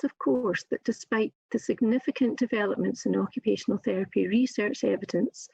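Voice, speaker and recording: Raspy Scottish woman giving a lecture. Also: fairly high pitch, a little mellow, no echo. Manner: measured, deliberate, emphatic delivery. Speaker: occupational therapy lecturer. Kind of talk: formal prepared lecture. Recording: muffled lo-fi recording.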